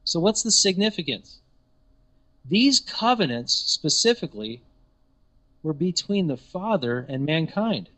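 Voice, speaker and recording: Male teacher, sermon delivery, emphatic questioning, a bit higher pitch. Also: very animated, measured pace, long pauses, fairly bright tone.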